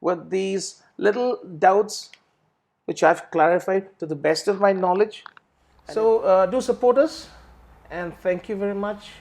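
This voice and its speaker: A man's voice: sits high, measured pace, vocal fry, darkish tone. A middle-aged man teaches in a question-and-answer session. He explains patiently, repeats words and restarts his phrases, and keeps building his point. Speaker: IELTS trainer.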